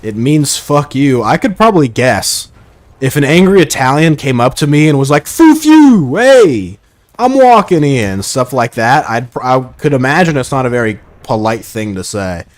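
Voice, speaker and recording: A male game streamer with a mid-pitched voice, rambling playfully through a live session. He jumps between silly ideas and viewer messages in loose, casual talk. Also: moderate pace. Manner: rambling and playful, reads chat aloud. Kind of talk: casual live gameplay chat.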